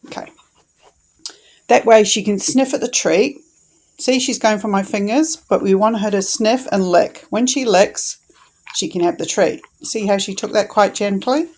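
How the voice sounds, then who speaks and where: A woman in a casual instructional vlog, talking calmly and patiently and encouraging her dog as she trains it. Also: mid-range voice, low-quality recording.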